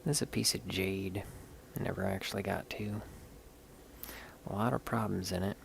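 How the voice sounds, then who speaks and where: A man's voice: low voice, steady tone, normal speed, gravelly, slight background noise. A man rambling candidly in casual live-stream chat while showing stones, swearing now and then. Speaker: livestream host showing stones.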